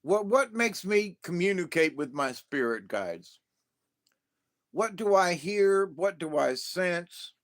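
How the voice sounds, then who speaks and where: A man with a high voice drawls through a long monologue at an unhurried pace. He is stoned, keeps breaking into laughter, and repeats his insults with heavy, drawn-out emphasis. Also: lively intonation, fairly bright tone. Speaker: vlogger. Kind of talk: rambling monologue to viewers.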